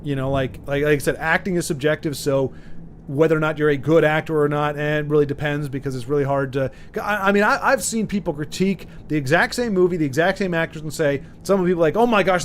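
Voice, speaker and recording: A man's voice: fairly high pitch, quick pace, a little hiss or hum. A man streaming live, chatting casually and rambling while he reads out viewer comments, with frequent restarts and chuckles.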